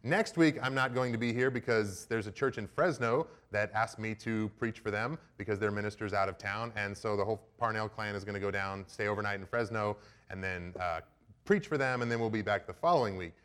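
A man's voice: lowish voice, brisk. A young man, the preaching minister, speaking casually and jokingly to his congregation in a church before the sermon. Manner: relaxed, joking, direct with congregation. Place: church sanctuary.

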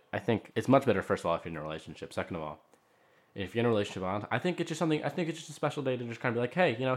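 Young man, podcast co-host, quick talker, lowish voice, animated casual chat. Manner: animated, quick, swears casually, gets worked up.

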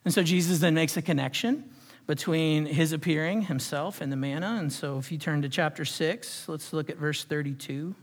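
A man's voice: fairly high pitch, fairly even intonation, moderate pace. Earnest male preacher in a reverberant hall. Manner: questioning, earnest preaching with rising and falling emphasis. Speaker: pastor. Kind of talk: sermon.

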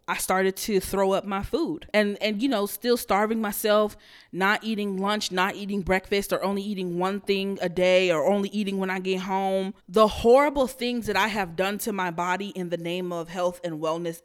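A young woman hosting her own show, ranting in a heated, profane, emphatic way that turns quiet and somber at times. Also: mid-range voice. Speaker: podcast host. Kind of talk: profane solo rant.

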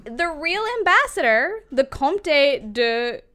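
A woman's voice: high voice, big pitch swings, takes it slowly, bright, forceful tone. A woman casually telling a history story on a podcast, laughing often and swearing freely.

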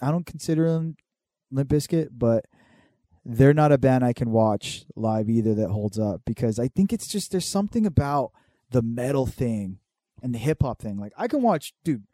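A man in his thirties rambles through loose, profane stories packed with fillers. His voice is mellow and dark, recorded close and dry with no room sound. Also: medium pitch, lively intonation, normal speed, no echo. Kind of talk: casual chat.

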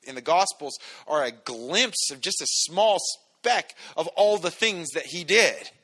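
Male pastor, slightly high, bright tone; casual sermon delivery with joking asides and restarts. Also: lively intonation, unhurried, breathy edge. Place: church sanctuary.

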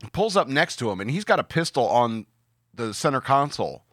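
A man's voice: medium pitch, sing-song, fairly quick, fairly bright tone, no echo, clean studio sound. A man co-hosting a podcast in casual chat, telling stories in a rambling way and acting out the quotes. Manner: rambling storyteller, acts out quotes. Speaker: podcast co-host.

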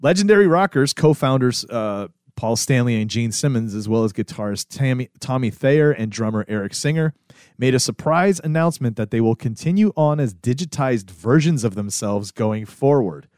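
A man's voice: medium pitch, animated, moderate pace, a little mellow, dry recording. Man, podcast co-host, casual chat, teasing, dry close sound. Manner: laid-back, swears casually, teasing. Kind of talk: casual chat among friends.

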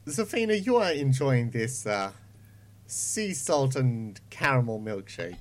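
A man's voice: mid-range voice, sing-song, slow pace. A man running a tabletop game as game master, narrating in an easygoing way and thinking aloud.

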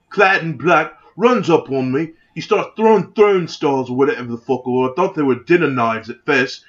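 A man's voice: medium pitch, voice pushed down, natural voice. A man doing an over-the-top, badly faked British accent as a rowdy, swearing pub bloke. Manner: profane, exaggerated, self-admittedly terrible British accent. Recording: lo-fi, dull sound.

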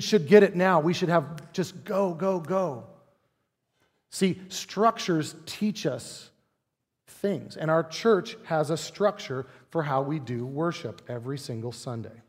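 Pastor in his forties, conversational sermon delivery with rhetorical asides, slightly raised pitch, reverberant sanctuary. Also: unhurried. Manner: conversational preaching with rhetorical questions and playful asides. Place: church sanctuary.

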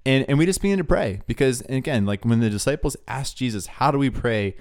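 Young male co-host, relaxed storyteller with a skater-slang manner, mid-pitched. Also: quick pace. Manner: laid-back, says "dude" and "like" a lot. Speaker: podcast co-host. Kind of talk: casual faith talk, storytelling.

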